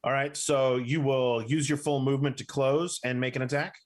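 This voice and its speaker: A man running a tabletop game as game master, narrating scenes in a slow, deliberate way. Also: medium pitch, steady tone, a little hiss or hum.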